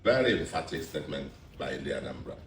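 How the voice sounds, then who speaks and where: A Nigerian man with a very deep voice gives a victory speech as a re-elected governor, measured yet emphatic and highly animated, piling up repeated phrases. He is far from the mic in a large, echoing room with faint background noise.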